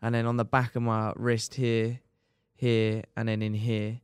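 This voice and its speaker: Young racer telling a crash story. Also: male voice, on the low side, unhurried, smooth, no room sound, clean studio sound. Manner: animated storyteller, swears freely, says "mate" often. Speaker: podcast guest, motorcycle racer. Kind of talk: casual storytelling chat.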